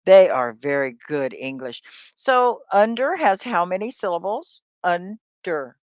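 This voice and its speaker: Animated woman teaching English. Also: fairly low pitch, a little slow, dry recording, clean studio sound. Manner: stretches out sounds to model them, chatty asides. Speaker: ESL teacher. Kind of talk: live-streamed English lesson.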